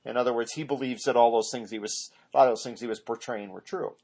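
Husky-voiced man rambling through Bible teaching. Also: mid-range voice, steady tone, quick pace, darkish tone. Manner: rambling and digressive, often correcting himself. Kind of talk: informal Bible study teaching.

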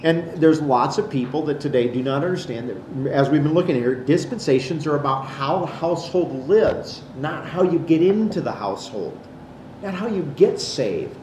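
Man, Bible teacher, explanatory, slightly high pitch, echoey hall, faint noise. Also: lively intonation, normal speed, darkish tone. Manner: explanatory, points to a board. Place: classroom or church hall.

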